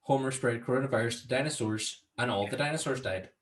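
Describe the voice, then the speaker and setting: A Northern Irish man in easygoing podcast chat, with a mid-pitched voice. He laughs often and breaks into squeaky impressions whenever he quotes a scene. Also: fast. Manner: laughs often, jumps into high silly voices when quoting scenes. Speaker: podcast co-host. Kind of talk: casual chat.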